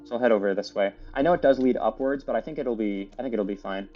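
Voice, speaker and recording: A man's voice: medium pitch, fast, highs cut off, faint music behind. A man giving casual, chatty play-by-play commentary while he plays a video game, rambling with lots of fillers. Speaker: gaming video creator.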